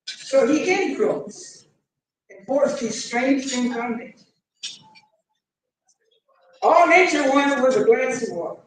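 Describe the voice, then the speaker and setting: A man preaching with a high voice and a slow, deliberate pace, rising into shouted appeals. He is recorded from a distance in a very echoey hall. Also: expressive, a little hiss or hum. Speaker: imam. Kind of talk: sermon. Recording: echoey hall, mic from far off.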